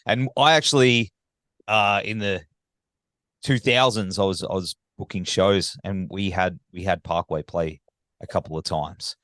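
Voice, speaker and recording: A man's voice: low voice, a little slow, fairly bright tone, dry recording, studio quality. A man hosting a podcast, chatting with a guest in a friendly, informal way and swearing casually. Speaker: podcast host. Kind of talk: casual interview chat.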